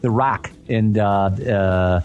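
A man's voice: lowish voice, slow pace, darkish tone, clean tone, highs cut off. Man, podcast host, casual chat, profane rant, faint music behind. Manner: profane, ranting, reads reviews aloud.

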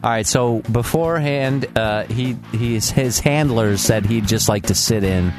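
A man hosting a comedy talk show, casual and halting, often restarting his sentences. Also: mid-range voice, soft background music. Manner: hesitant, halting, lots of restarts.

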